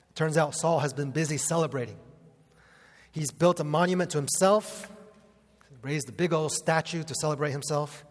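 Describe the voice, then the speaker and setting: A male pastor delivers a sermon in an earnest, conversational way, dropping casual fillers between points. His voice sits on the high side for a man. A long hall reverb trails behind him.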